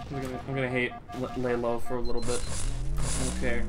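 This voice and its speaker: A young woman giving gameplay commentary, dropping into low muttered asides and then breaking into excited, swearing shouts. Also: fast talker, very noisy. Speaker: gamer. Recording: game sounds loud behind voice.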